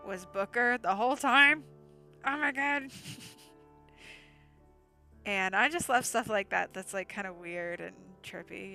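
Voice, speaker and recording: Bright-voiced chatty woman, voice going hoarse. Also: medium pitch. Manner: chatty, enthusiastic, laughs often. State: losing her voice. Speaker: livestream host. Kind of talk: casual livestream chat.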